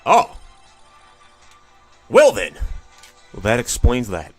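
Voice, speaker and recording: Slow and darkish in tone, his medium-pitched voice swings hugely in pitch while faint music plays behind him. He's streaming a video game, swearing offhandedly and rambling wry thoughts to chat in relaxed gameplay commentary.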